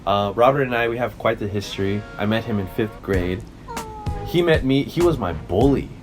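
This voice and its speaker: A man's voice: fairly low pitch, moderate pace, over music. A young man co-hosting a podcast, telling stories in a loose, rambling way with swearing and self-corrections. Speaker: podcast co-host. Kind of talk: casual chat.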